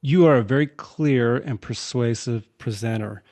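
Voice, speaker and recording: A man hosting an interview, asking questions in a measured, encouraging way. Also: medium pitch, darkish tone. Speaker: host.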